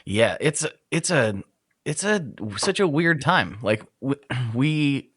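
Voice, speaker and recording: A man's voice: medium pitch, lively intonation, slow, a bit bright, slightly rough, no echo. Laid-back man hosting a podcast, dry close mic. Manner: rambling, self-deprecating, laughs often. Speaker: podcast host. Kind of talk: casual conversational podcast chat.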